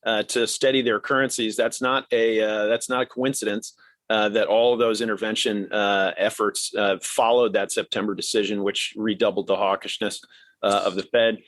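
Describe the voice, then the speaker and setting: A man appearing as a guest analyst on an economics podcast, speaking in a measured way with many filler sounds. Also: on the low side, flat delivery, a bit bright, dry recording. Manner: fluent, measured, lots of filler uhs. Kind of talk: casual economics podcast talk.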